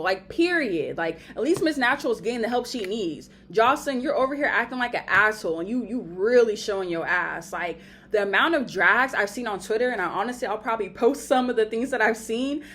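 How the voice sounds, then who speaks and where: A young woman giving a blunt, profane, animated recap of a reality show reunion. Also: medium pitch, slight background noise. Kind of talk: casual recap commentary.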